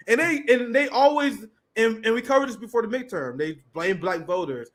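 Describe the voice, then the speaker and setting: A man's voice: high voice, moderate pace, hardly any pauses, fairly bright tone. A man in his thirties co-hosting a political show, reading headlines aloud and mocking them with sardonic, profane asides. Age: 30s. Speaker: podcast co-host. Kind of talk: casual political commentary.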